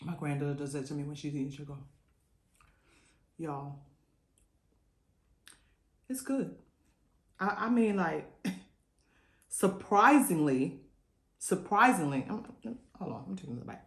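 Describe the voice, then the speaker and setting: A woman's voice: sits low, brisk, vocal fry, roomy sound. A woman vlogger chatting casually to camera while eating, talking with her mouth full and humming over the food, saying y'all often. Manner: folksy, says y'all often.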